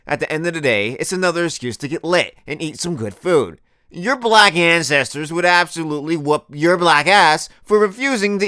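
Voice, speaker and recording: A man's voice: fairly high pitch, bright, forceful tone, no room sound, studio quality. A young man in his twenties doing a crude, exasperated comedic rant as a vlogger.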